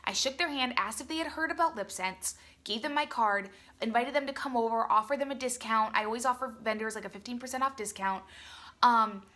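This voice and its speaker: Casting: young woman, slightly high, crisp bright tone, gushing casual live-stream chatter. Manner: chatty and effusive, says "like" and "you guys" a lot. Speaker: beauty product distributor. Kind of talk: casual live video talk to her team.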